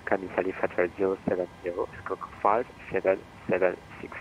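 A man's voice: low-pitched, level tone, lo-fi sound, a little hiss or hum. French-accented man as hesitant controller. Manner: hesitant, full of fillers, quick delivery. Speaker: air traffic controller. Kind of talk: radio ATC phraseology.

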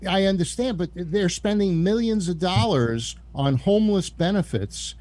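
A man's voice: high-pitched, animated, a little mellow. A man on a talk panel, arguing in casual chat and stumbling over fillers. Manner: argumentative, halting with fillers. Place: studio panel.

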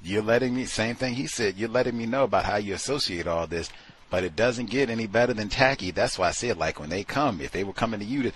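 A man's voice: fairly low pitch, quick pace, a bit bright, husky. A man hosting a talk show, commenting in a rambling, emphatic way and repeating himself often. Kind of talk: casual commentary on a call-in show.

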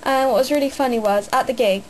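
A woman's voice: sits high, fast, slight background noise, low-quality recording. A young woman chatting casually in a vlog, hyper and rambling, with lots of fillers. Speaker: vlogger.

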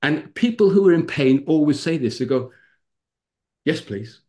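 A middle-aged man, a pastor, tells stories on a video call in a lively way, laughing often and acting out the people he talks about. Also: a little high, fairly quick. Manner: lively storyteller who laughs and acts out the people in his stories. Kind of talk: storytelling talk on a video call.

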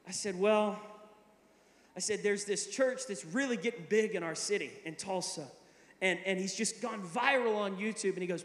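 Man, middle-aged pastor, sermon storytelling, acts out voices, high voice, roomy church hall. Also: normal speed. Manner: animated, acts out dialogue with shifting voices. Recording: echoey hall, long reverb.

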